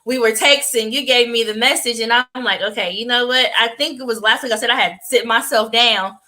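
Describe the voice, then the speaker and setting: Female co-host, bright slightly high voice, emphatic casual storyteller. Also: a little fast, poor audio. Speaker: podcast co-host. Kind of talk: casual chat.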